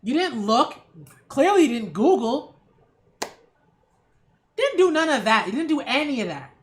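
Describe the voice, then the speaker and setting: A woman's voice: sits high, sing-song, a little slow. Sarcastic, emphatic woman critic ranting. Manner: emphatic, sarcastic, keeps asking "right?". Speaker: culture critic and channel host. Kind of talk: casual opinion rant.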